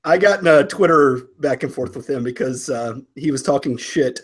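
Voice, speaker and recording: A man's voice: mid-range voice, normal speed. A man co-hosting a podcast, joking profanely in casual banter and laughing easily. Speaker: podcast co-host.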